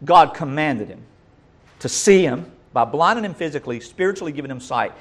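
A man's voice: a little high, expressive, brisk. A man preaching a sermon with emphatic delivery, repeating rhetorical questions to drive points home.

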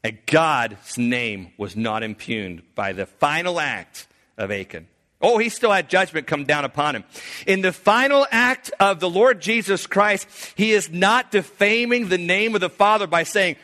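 Forceful, bright-voiced male preacher. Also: high-pitched, animated. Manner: swings between loud emphatic preaching and hushed, slowed passages; earnest, with frequent restarts and filler. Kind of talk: sermon.

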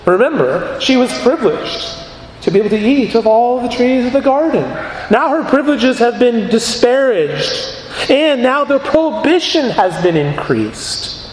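A man with a fairly high voice preaches a sermon in a measured, earnest way, pausing for emphasis. His voice rings through a large hall with a long reverb. A faint ambient hum sits behind him. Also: lively intonation. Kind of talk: expository sermon.

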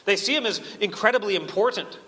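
A man's voice: high-pitched, fast talker, bright, forceful tone. A man preaching a sermon as pastor, emphatic and full of rhetorical questions. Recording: long reverb of a church hall.

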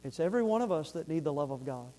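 A man's voice: on the high side, lively intonation, very fast, dark tone. A man preaching a fervent sermon, repeating words and asking the congregation if they follow.

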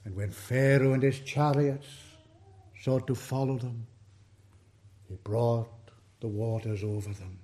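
A man preaching a sermon, slow and emphatic, his voice rising in force on key words and falling away at the ends of sentences. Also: medium pitch, fairly even intonation, mellow. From United Kingdom.

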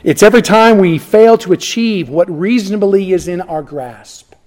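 A middle-aged male pastor preaching a sermon, emphatic, swinging between hushed lines and loud, rising ones, with frequent restarts. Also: high voice, normal speed.

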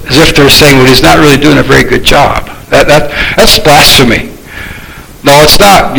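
A man preaching a sermon, emphatic, repeating words and rising to shouts on key points. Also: on the high side, lively intonation, moderate pace, vocal fry, a little hiss or hum, low-quality recording.

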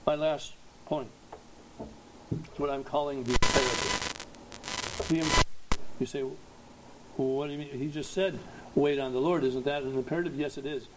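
A man preaching a sermon, slow and emphatic, rising to loud exhortation at its peaks. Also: medium pitch, steady tone, a little hiss or hum, rough recording.

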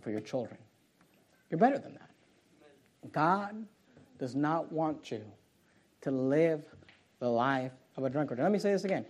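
A man's voice: fairly high pitch, a little mellow. A man preaching a sermon to a church congregation, reading scripture aloud with mounting force. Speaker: pastor. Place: church auditorium.

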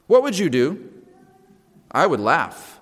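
A man preaching a sermon, emphatic, repeating key phrases and swinging from hushed to loud. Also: on the high side, huge pitch swings, takes it slowly. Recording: long hall reverb.

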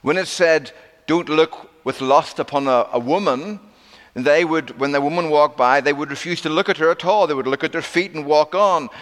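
A man delivering a sermon in a voice a little above the usual male pitch. He tells the story vividly, acting out the quoted lines. The sound carries a long reverb, as in a large church hall. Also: normal speed. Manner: animated storytelling with acted-out quotes. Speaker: preacher.

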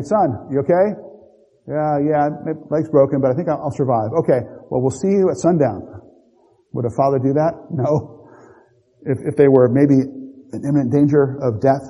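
Man, bible study teacher, very dark tone, slightly husky, questions to the class. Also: mid-range voice. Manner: asks listeners questions, acts out little scenes. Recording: long reverb in a hall.

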